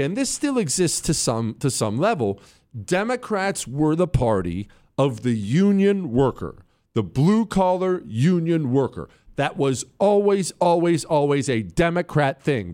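A man's voice: a little high, clean tone. A middle-aged man hosting a political talk show, delivering an opinionated monologue and calling out to his producers and listeners. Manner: animated, opinionated, addresses producers and listeners directly.

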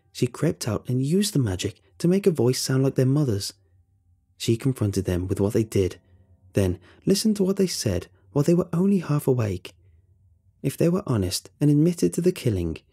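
A man voicing an excitable, teasing older boy who tells a spooky tale with rising eagerness. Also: mid-range voice, moderate pace, slightly rough. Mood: eager. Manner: animated, raised and eager.

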